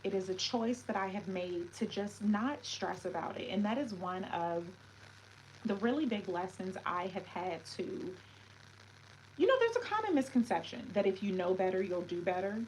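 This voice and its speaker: A woman hosts a casual livestream and talks her viewers through her thoughts in a chatty, reflective way, slipping in French greetings. Her voice sits at a middle pitch. A faint hiss runs under the recording. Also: expressive, normal speed, low-quality recording. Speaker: livestream host.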